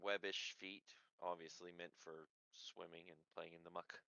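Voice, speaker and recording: A man's voice: low voice, flat delivery, normal speed, gravelly, pushed and bright, dry recording, highs cut off. A man playing a tabletop game, chatting casually as he describes his turtle character. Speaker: player.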